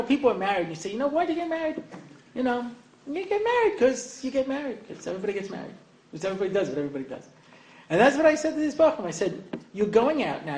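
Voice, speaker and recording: An older man with a high-sitting, slightly mellow voice gives an evening lecture to an audience. He rambles and jokes through many asides, saying "you know" constantly, in an echoey room with faint ambience.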